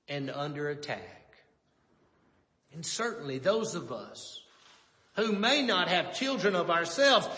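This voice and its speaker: A man preaching a sermon as pastor, reading scripture and then telling a story in a measured, unhurried storytelling way. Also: sits high, fairly bright tone, reverberant, big-room sound.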